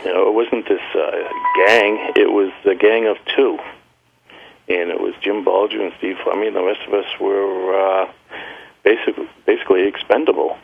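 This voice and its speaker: Gravelly-voiced man on a phone line. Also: low voice, flat delivery, normal speed, a little hiss or hum. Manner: blunt, plain-spoken, with many "uh"s. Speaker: radio guest, author. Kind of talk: phone-in interview.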